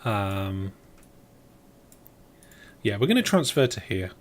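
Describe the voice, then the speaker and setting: A man's voice: lowish voice, sing-song, slow pace. A man streaming a game live, thinking aloud as he plays and chatting back to his viewers. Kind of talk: live let's play commentary.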